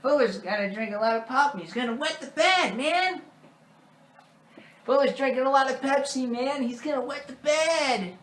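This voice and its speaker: A man's voice: extremely high pitch, normal speed, a bit bright, voice pushed up. A man voicing a bratty young boy, whining and complaining in a nasal, annoying tone. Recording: roomy echo.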